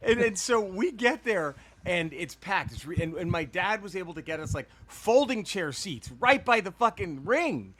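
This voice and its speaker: Co-host, male, bright high voice, animated and profane storyteller. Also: moderate pace, hardly any pauses. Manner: animated, profane, laughs through stories. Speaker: podcast co-host. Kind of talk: casual storytelling.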